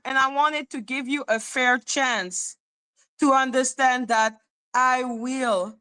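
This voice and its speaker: A woman's voice: fairly high pitch, measured pace, sharp tone, smooth. A woman hosting a casual livestream, profane and taunting as she talks to her chat. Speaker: livestream host.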